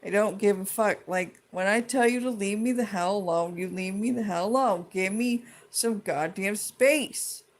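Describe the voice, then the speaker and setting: A woman's voice: medium pitch, normal speed, few pauses. A woman ranting to her viewers in a heated, profane, rambling way, full of restarts and trailing thoughts. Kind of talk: casual rant to camera.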